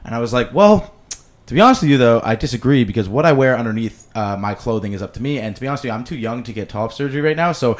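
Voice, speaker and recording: Podcast host, man in his 20s from Canada, quick, animated storyteller who swears freely. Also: medium pitch.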